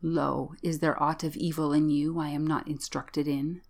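A woman's voice: low voice, flat delivery, normal speed, vocal fry, a little mellow. A woman voicing an ancient, twisted, frog-like man of the marsh in a whispered role-play, breathless and quavering. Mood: bitter whisper.

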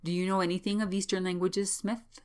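A woman's voice: medium pitch, little pitch movement, fairly quick, a little mellow, clean tone, lightly acted. A woman reading a shaken, fretful young scholar. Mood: agitated. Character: nervous young male scholar, shaken and excitable.

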